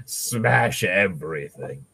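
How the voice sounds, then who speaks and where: A man's voice: deep voice, animated, slow, creaky, pushed and bright, husky, dry recording, poor audio. A young man co-hosting a fan fiction reading podcast, ranting sarcastically and swearing freely. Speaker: co-host.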